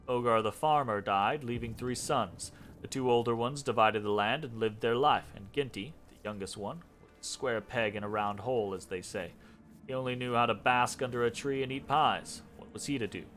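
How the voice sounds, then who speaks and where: A man with a middle-pitched voice reads a game's lore aloud like a storyteller. He is expressive and drops casual asides between passages, with faint game music playing behind him. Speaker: gameplay narrator.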